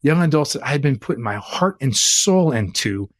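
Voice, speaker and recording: A man's voice: mid-range voice, normal speed, dry recording. Earnest man telling a story, dry sound. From Bay Area, California. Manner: earnest, animated, poses rhetorical questions. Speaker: interview guest, church leader. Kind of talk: conversational storytelling.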